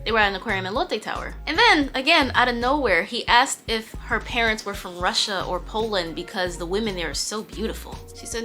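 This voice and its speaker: Bright-voiced young woman telling a story. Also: mid-range voice, a little fast, hardly any pauses, faint music behind. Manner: chatty, joking asides, frequent laughs. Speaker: storytime host. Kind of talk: casual storytelling.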